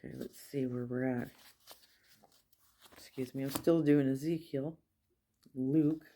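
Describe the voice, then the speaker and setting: Woman reading the bible out loud, warm soft tone, steady, fixes her little slips as she goes. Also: very deep voice, a little slow, slight background noise. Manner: steady reading with small slips and self-corrections. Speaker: Bible reader. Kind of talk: reading scripture aloud.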